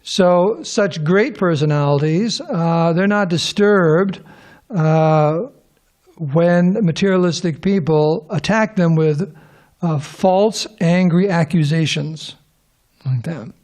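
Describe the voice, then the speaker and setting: A man's voice: on the high side, takes it slowly, a little mellow. Middle-aged man giving a rambling talk. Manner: rambling, with frequent restarts and questions to the audience. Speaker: scripture class speaker. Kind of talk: informal scripture class talk. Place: temple hall before a live audience.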